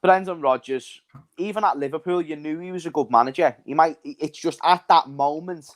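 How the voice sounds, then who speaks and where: A man with a Scouse accent drops into a live football stream as a guest and talks fast and matey. He is laddish and emphatic, with a slightly high pitch.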